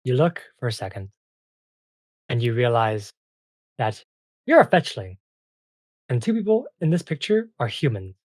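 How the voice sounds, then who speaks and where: A game master narrating a tabletop game in a loose, halting way with many fillers. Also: mid-range voice, sing-song, darkish tone, no room sound.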